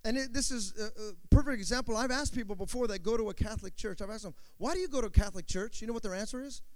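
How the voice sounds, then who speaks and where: A man preaching a sermon, calling out to the congregation for amens and swinging between loud and soft passages. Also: high voice, racing. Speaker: pastor. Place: church sanctuary. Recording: long hall reverb.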